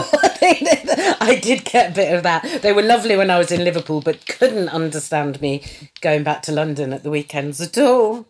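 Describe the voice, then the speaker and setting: A woman reminisces with animated, laughing energy in an interview. Her voice sits fairly low but moves a lot. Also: normal speed. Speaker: actress interviewed. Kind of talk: casual reminiscing.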